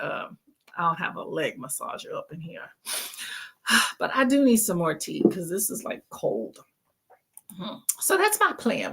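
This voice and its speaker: A tired woman who hasn't slept hosts a casual reading livestream as a book club host, chatting and laughing often while greeting her chat. Her voice is mid-range and gravelly, with a fairly bright tone.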